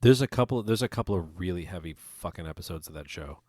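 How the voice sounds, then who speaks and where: A man co-hosts a casual podcast, talking emphatically and dropping curses freely. His voice is on the low side and sounds dry and close. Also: animated, fast, a little mellow, no room sound. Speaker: podcast co-host. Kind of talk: casual chat.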